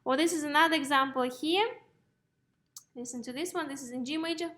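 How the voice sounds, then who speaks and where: High-voiced woman teaching music theory. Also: fairly quick, fairly bright tone. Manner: explains step by step, checks in with "okay?" and "yes?". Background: piano notes played between phrases.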